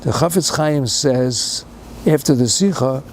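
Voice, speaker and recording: A man's voice: medium pitch, a little slow, slight background noise. An older man giving a storytelling sermon in English sprinkled with Yiddish and Hebrew words, building to emphatic, fervent passages. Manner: retells a story with rising, emphatic fervor. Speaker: speaker giving a Torah talk.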